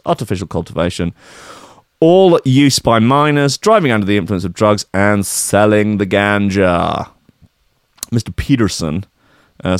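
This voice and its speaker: A man's voice: fairly low pitch, no room sound, clean studio sound. A man hosting a casual chat show, sarcastic and chatty, laughing often. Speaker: radio show host.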